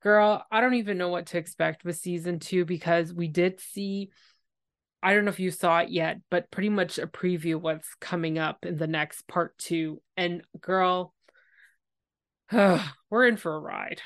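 A woman's voice: lowish voice, steady tone, unhurried, no room sound, studio quality. Emotive woman recapping a show. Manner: emotive, retells scenes with acted quotes. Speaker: podcast host. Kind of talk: casual TV recap chat.

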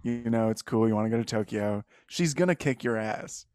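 A young man co-hosting a comedy podcast, delivering jokes in a mock-serious deadpan and laughing at them. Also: fairly low pitch, a little fast, dry recording. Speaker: podcast co-host. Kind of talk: casual comedy podcast banter.

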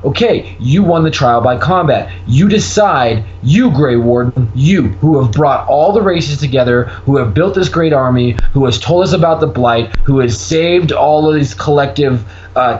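A man chatting casually as a podcast co-host, telling a story in an animated, profane way. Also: mid-range voice, moderate pace, few pauses. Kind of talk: casual chat. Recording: dull lo-fi recording, faint noise.

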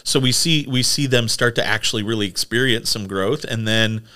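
A man's voice: medium pitch, normal speed, bright, forceful tone, clear, resonant tone. A man co-hosting a casual tech podcast, chatty and rambling with lots of fillers. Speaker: podcast co-host. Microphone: studio microphone.

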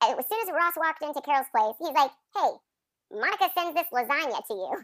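A chatty woman in her thirties with a high voice, recapping a sitcom with a friend. The sound is dry and close. She laughs often and acts out the lines she quotes. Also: animated, fast talker, a bit bright, no room sound. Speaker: podcast co-host. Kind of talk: casual chat recapping a sitcom episode.

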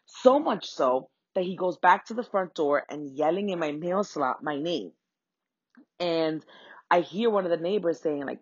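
A young adult woman telling a funny personal story in a casual, animated way, swearing freely and acting out the voices of people in it. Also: fairly low pitch, unhurried, husky, dry recording, highs cut off. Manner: animated, profane, acts out quoted voices.

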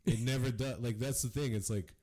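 A man's voice: medium pitch, a little fast, dark tone, breathy edge. A man co-hosting a casual podcast chat, rambling and swearing, laughing often.

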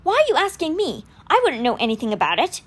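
A woman's voice: high voice, wildly swooping pitch, quick pace, voice pushed up. A woman voicing a guarded, irritable teenage boy who answers in a defensive, evasive way.

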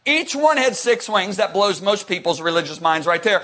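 Male preacher, high voice, animated sermon, shouts for emphasis, rambling asides. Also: moderate pace. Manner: rambling with restarts, jokey asides.

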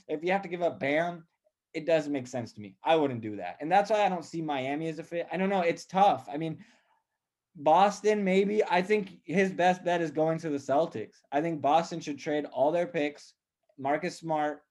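A man's voice: fairly high pitch, moderate pace, a little mellow. Chatty young man hosting sports talk. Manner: chatty, asks questions, laughs often. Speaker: podcast host.

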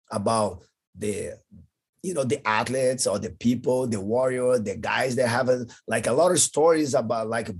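Husky man. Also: mid-range voice, darkish tone. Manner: halting, non-native phrasing, frequent restarts. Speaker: guest, jiu-jitsu champion. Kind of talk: podcast interview storytelling.

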